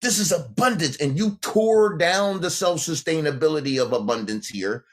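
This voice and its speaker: A brash man ranting casually on a livestream. His pitch swings widely as he talks. He uses lots of slang and breaks into laughs often. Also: lively intonation, moderate pace. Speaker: livestream host.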